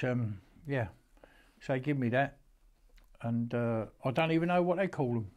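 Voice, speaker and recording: An older Englishman talks casually and with feeling, in a homely, rambling way. His voice sits at an ordinary middle pitch, and he often stops and starts again mid-sentence. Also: a little mellow. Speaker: horseman showing an antique. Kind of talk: casual storytelling to camera.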